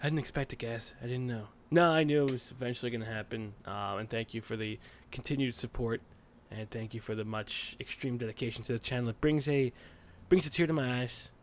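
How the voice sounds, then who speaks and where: Brief: young male let's-play host, rambling, cusses, mid-pitched voice. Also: brisk, hardly any pauses, a little hiss or hum. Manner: rambling, swears, rants with rising energy. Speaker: gaming channel host. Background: game music.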